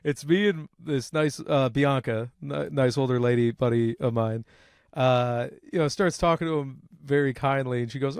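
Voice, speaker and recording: A young man co-hosting a podcast in casual banter, crude and loud, laughing often and acting out quotes, sweating in a hot room. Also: mid-range voice, normal speed, clean tone, no echo, clean studio sound. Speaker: podcast co-host.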